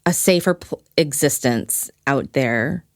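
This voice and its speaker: Woman podcast host and coach, very deep voice, thoughtful, dry close sound. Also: animated, takes it slowly, dry recording. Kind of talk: casual conversation.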